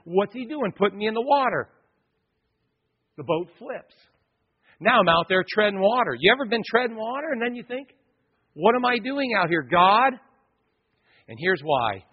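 Husky high-voiced preacher, dull lo-fi sound. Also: male voice, sing-song, moderate pace. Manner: storytelling, joking asides to the congregation. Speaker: pastor. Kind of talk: sermon.

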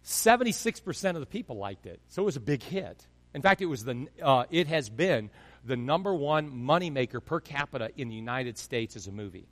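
A male pastor preaching a sermon in an animated storytelling way, swinging between loud bursts and hushed asides. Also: mid-range voice, a little fast, big-room sound.

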